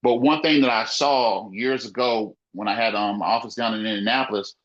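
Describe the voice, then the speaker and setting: A man's voice: fairly low pitch, fairly even intonation, a little fast, fairly bright tone. A man who owns a small business talks in a casual podcast conversation, emphatic and repetitive, leaning on "you know,". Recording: muffled lo-fi audio.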